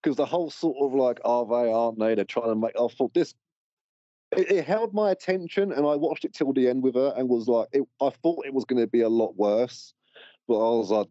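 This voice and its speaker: A man's voice: mid-range voice, brisk, mellow, no room sound, muffled recording. A man, a guest on a podcast, ranting bluntly and swearing in casual chat.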